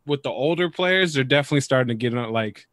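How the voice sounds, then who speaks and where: A man co-hosting a casual sports podcast, speaking in a laid-back, halting way with frequent restarts. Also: medium pitch, expressive, a bit bright, no room sound, studio quality. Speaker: podcast co-host.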